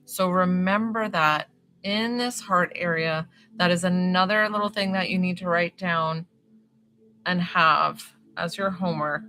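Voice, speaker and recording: Woman healer, live-stream session, bright forceful voice, rambling and reassuring. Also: lowish voice, fairly even intonation, moderate pace, slight background noise. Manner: chatty and rambling, many fillers; reassuring, affirming. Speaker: spiritual healer. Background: faint music.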